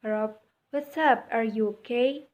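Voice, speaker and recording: A helpful male friend offers advice in slow, evenly read lines, as a woman reads his part. The voice carries an Indonesian accent and sits a little high. The recording sounds dull and lo-fi. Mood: concerned. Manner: plainly read from a script.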